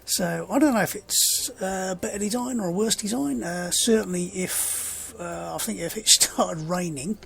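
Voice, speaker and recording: A man giving relaxed, rambling gameplay commentary as a sim racing video host, with many fillers and dry sarcasm. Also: high voice, normal speed, vocal fry, few pauses.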